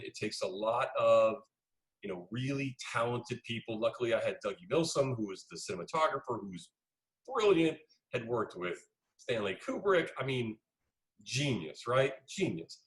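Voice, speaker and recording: A middle-aged man, a film director being interviewed, telling lively anecdotes and acting out the dialogue he quotes. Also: mid-range voice, low-quality recording. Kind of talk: casual interview storytelling.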